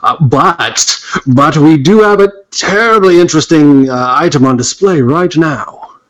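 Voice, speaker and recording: A man's voice: fairly high pitch, lively intonation, unhurried, rough recording. A man putting on a flustered British ticket clerk. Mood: apologetic. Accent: put-on British, slipping. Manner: flustered, over-polite, rambling.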